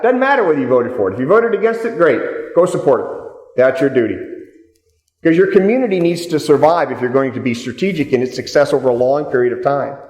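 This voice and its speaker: Guy giving a seminar, kinda high voice, talks straight at you, big echoey hall. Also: a little mellow. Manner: direct, storytelling, repeats points for emphasis. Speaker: seminar speaker. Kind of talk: seminar talk to a live audience. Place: meeting room with audience. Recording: echoey hall, speaker off-mic at times.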